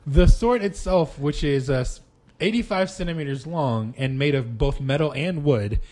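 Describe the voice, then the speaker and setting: A man's voice: a little high, normal speed, darkish tone. A man co-hosting a podcast, reading out a news story and trading dry, crude, teasing banter. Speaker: podcast co-host.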